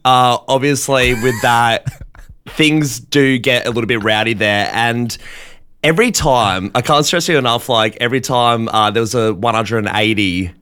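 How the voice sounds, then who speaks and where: A man's voice: medium pitch, normal speed, clear, resonant tone. A man co-hosting a radio show, telling a story with lots of laughter. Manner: animated storytelling with frequent laughs. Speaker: radio co-host. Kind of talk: casual on-air banter.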